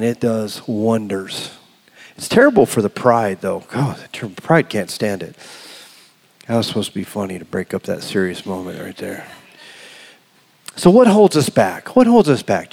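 A middle-aged man preaching a sermon as pastor, telling a personal story with emotion, swinging from loud to hushed. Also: medium pitch, vocal fry. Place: church sanctuary. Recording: long hall reverb.

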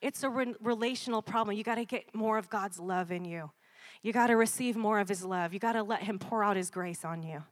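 A woman preaching a sermon, checking in often with "Amen?" and building to loud, emphatic peaks. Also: mid-range voice, brisk.

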